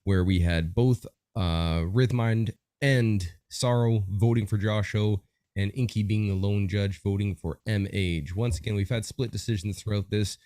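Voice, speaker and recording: A man hosting a battle livestream, upbeat and chatty with a rambling flow. His voice is low, recorded close and dry. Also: measured pace, warm tone, no echo. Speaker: livestream host.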